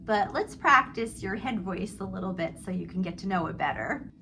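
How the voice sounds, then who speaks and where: A woman's voice: medium pitch, normal speed, gravelly, slight background noise, low-quality recording. A middle-aged woman vocal coach teaching a singing lesson, explaining technique between sung vowel exercises. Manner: demonstrates vowel slides and sighs, then explains calmly.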